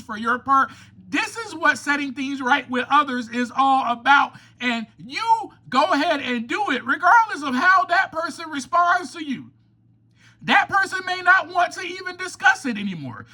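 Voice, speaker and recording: A man hosting a recovery podcast, delivering an impassioned, preachy monologue that rises to near-shouts. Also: extremely high pitch. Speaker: podcast host.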